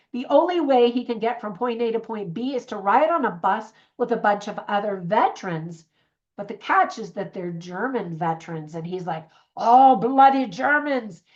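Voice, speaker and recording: A woman's voice: medium pitch, lo-fi sound. A middle-aged woman giving a casual, earnest movie review, chatty and full of fillers and restarts.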